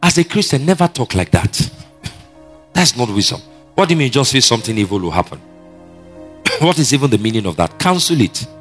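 A man preaching a sermon as a pastor, animated and asking the congregation questions. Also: medium pitch, moderate pace, long pauses, soft background music.

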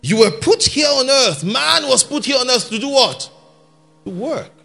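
A man, preaching a sermon in an animated way, shouting his key points and laughing along with the congregation. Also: very high-pitched, normal speed, vocal fry, faint music behind. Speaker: guest preacher. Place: church hall with an audience.

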